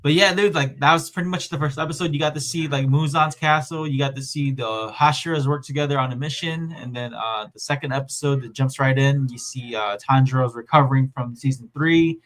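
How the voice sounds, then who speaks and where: A man hosting a casual podcast, chatting and recapping scenes in an animated way, often laughing as he retells them. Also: mid-range voice, brisk, hardly any pauses. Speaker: podcast host.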